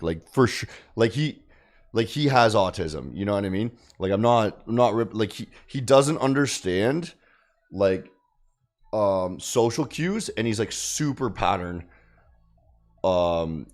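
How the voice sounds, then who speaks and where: A man's voice: fairly low pitch, lively intonation, unhurried. A man streaming his day trading in a loose, casual way, tossing in "okay?" and "right?" and swearing now and then. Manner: swears casually, restarts and repeats. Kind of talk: casual live-stream commentary.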